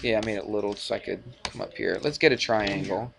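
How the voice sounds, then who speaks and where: A male math teacher lecturing a class in a classroom, energetic and jokey, often checking in with the students. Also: fairly low pitch, a little fast, creaky, noisy background. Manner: energetic, jokey, asks frequent check-in questions.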